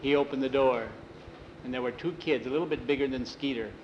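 A man telling a story aloud in a relaxed way, repeating "he said" before each line of dialogue. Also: mid-range voice, brisk, roomy sound, muffled recording, a little hiss or hum. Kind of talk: oral storytelling with many voices.

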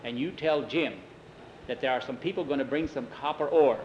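A man's voice: mid-range voice, normal speed, slight background noise, close to an everyday voice. A man voicing a greedy, scheming middle-aged banker in a told story, bossy and threatening as he gives orders. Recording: roomy, dull sound with faint ambience.

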